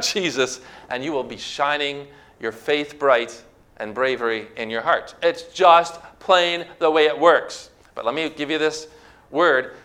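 Male pastor, bright forceful voice, slightly high, preaching with emphasis. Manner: emphatic, exhorting, rising to shouts. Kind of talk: sermon.

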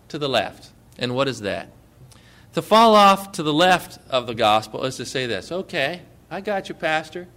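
Male pastor, fairly high voice, emphatic sermon delivery with loud stresses and hushed asides. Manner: emphatic preaching, swinging between loud stresses and quiet asides; direct questions to the congregation.

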